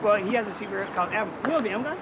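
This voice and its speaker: A very high-voiced man rattling on fast and agitated, outdoors on a city sidewalk with traffic noise rolling past. he rambles and jumps from thought to thought. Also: lively intonation. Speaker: street haircut client. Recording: loud street traffic noise. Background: street traffic.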